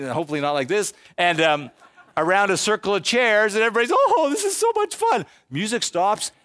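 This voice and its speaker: A man giving a live presentation on real estate investing to an audience, animated and joking, sometimes slipping into voices for the people he quotes. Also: sits high, dry recording, studio quality.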